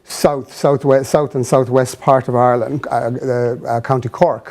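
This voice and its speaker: A man as a studio guest, giving measured, thoughtful explanations with many pauses and fillers. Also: medium pitch, steady tone, a little mellow. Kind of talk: explanatory interview answers.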